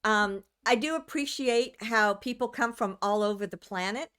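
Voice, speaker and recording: A woman's voice: mid-range voice, normal speed, fairly bright tone, clear, resonant tone. A woman from the United States, a channeler hosting a live stream, chatting casually with viewers, rambling, restarting sentences and greeting people by name.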